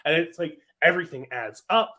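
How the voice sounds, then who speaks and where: Brief: young man, podcast co-host, bright and enthusiastic, shifts voice for quotes. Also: on the high side, a little fast. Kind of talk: casual movie chat.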